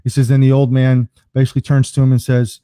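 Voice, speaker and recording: Guest brand strategist, man, animated storyteller, mellow and warm, dry close sound. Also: mid-range voice, fast, clear, resonant tone, no echo. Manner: animated storyteller, jokes around. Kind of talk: casual podcast interview.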